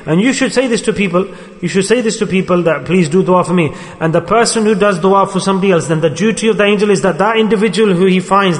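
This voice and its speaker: A man's voice: high-pitched, big-room sound. A man delivering an earnest sermon, repeating points and mixing in Arabic and Urdu religious terms. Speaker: religious teacher.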